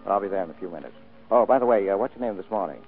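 An actor playing a hard-boiled private detective in a vintage radio drama, terse and dryly wisecracking. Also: male voice, low voice, lively intonation, rapid-fire, faint music behind. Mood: brisk. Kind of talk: 1940s radio acting. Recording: tinny old radio broadcast recording.

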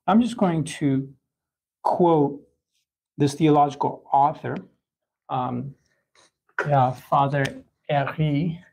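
A man giving a catechism lesson, talking in a halting way with many restarts and fillers. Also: a little high, vocal fry, dark tone, slightly rough, rough recording. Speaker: catechism teacher.

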